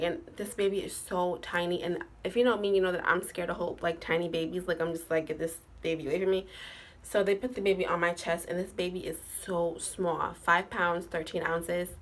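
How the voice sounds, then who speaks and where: Woman, slightly low pitch, casual vlog storytelling, lots of "like" and "um". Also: a bit bright. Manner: chatty, many fillers and "like". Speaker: vlogger.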